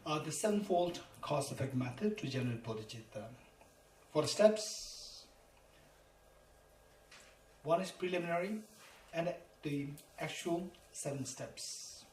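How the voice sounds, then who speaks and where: A man giving a Buddhist teaching, emphatic and repetitive, spelling terms out letter by letter. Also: on the high side. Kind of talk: dharma lecture. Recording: roomy, distant mic, faint noise.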